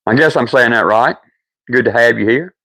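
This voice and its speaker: An older man with a Deep South accent, hosting a livestream and chatting casually with viewers in a folksy, rambling way. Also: normal speed, creaky, sharp tone, no echo. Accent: Deep South American. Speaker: livestream host.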